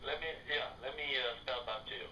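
Brief: French Canadian salesman, bright voice, pushy and repetitive, heard distant over a phone line. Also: fairly quick. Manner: persistent, repetitive sales pitch. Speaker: telemarketer. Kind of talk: sales call. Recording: echoey distant phone line with faint noise.

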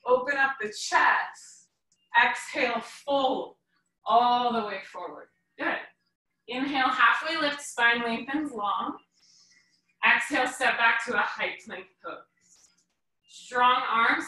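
Echoey yoga teacher cueing breaths. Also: female voice, fairly high pitch, far from the mic. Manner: calm step-by-step cueing in short phrases. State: slightly out of breath. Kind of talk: guided yoga class instruction. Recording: echoey room, voice from away from the mic.

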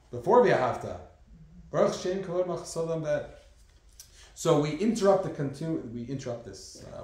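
A man teaches a class in an easy, conversational tone, often pausing on fillers and small asides. His voice sits at an ordinary middle pitch for a man. The recording is heavily reverberant, as if made in a bare, echoing room. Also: darkish tone. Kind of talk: classroom lecture. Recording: very echoey room.

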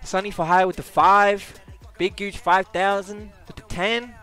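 A young Australian man streaming a game, excitable and quick to exclaim and swear. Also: sits high, clear, resonant tone, faint music behind. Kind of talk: live stream reaction.

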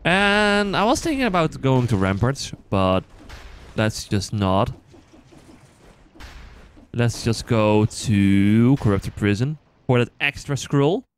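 A man with a non-native accent chatting casually to viewers while playing, quick to excited outbursts and joking at himself. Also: medium pitch, a little hiss or hum. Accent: non-native English accent. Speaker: gaming channel host. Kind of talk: casual let's-play commentary.

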